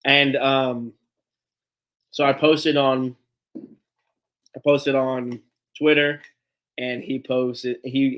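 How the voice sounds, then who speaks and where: A man hosting a live fan stream, telling a story in a casual, animated, rambling way, swearing freely and laughing as he goes. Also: medium pitch. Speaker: sports fan show host.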